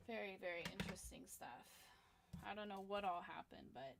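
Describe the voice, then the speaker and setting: A young woman comic artist livestreams a drawing session, talking at a medium pitch over slight background noise. Tired and sleepy, she rambles through a story in casual chat as she draws, using lots of fillers.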